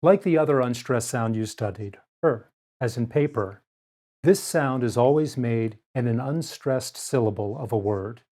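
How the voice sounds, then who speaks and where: A man gives a scripted pronunciation lesson in a mid-pitched voice. He speaks very slowly, pausing over each example word and shaping it precisely. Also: dark tone. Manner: slow, careful, clearly articulated delivery. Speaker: pronunciation teacher. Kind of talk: scripted instructional narration.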